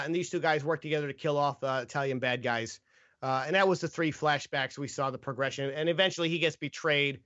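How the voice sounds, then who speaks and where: A man's voice: on the high side, sharp tone, no room sound, dull audio. A man hosting a casual comedic movie review podcast, reading scripted jokes with stumbles and laughs. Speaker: podcast host.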